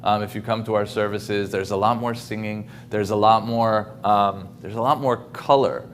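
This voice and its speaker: A man's voice: fairly low pitch, steady tone, moderate pace, slight background noise. A man giving a casual talk over a video call, with many ums and restarts. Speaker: guest speaker. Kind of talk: informal lecture.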